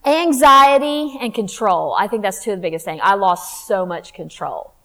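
A woman telling her faith testimony in a candid, animated way, acting out what people said. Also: mid-range voice, moderate pace, low-quality recording. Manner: candid, animated, acts out quotes. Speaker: speaker sharing testimony.

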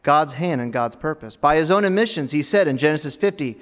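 A male pastor delivers a sermon in a fairly high voice, dropping to near-hushed tones and then rising into emphatic, louder passages. His words ring out with a long reverb, as if recorded in a large church hall. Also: animated, fairly quick. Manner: dramatic preaching that swings between hushed and raised.

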